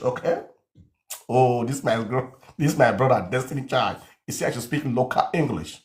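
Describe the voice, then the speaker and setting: A man with a Nigerian accent giving an animated comic rant, swinging into shouts and mock accents. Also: mid-range voice, brisk. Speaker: comedian.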